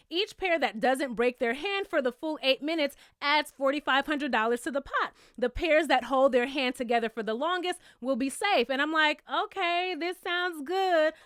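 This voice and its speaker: A woman with a high, bright voice recaps a reality show in a sassy, blunt way, swearing and laughing as she goes. Her voice sounds dry and close to the mic, with no room echo. She talks straight to her viewers and calls them "child". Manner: swears freely and laughs at her own jokes. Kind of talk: casual episode recap and review.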